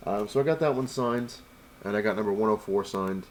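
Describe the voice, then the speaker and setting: A man's voice: on the low side, a little fast, darkish tone, a little hiss or hum. A man casually telling a long story to camera, rambling and retelling conversations with lots of "I was like", sounding annoyed as he complains. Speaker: vlogger.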